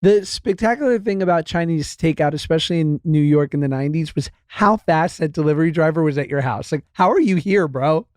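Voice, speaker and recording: A man with a fairly high voice chats casually as a podcast co-host, riffing and joking. His voice is recorded close and dry, with no room sound. He sounds like he is in his thirties and is quick to laugh. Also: dry recording. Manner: playful, riffing, laughs easily.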